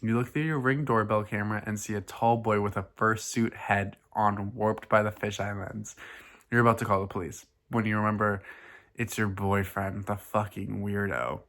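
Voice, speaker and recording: A man reading a silly fan fiction aloud for his vlog, in a deadpan, mock-dramatic way. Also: lowish voice. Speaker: vlogger.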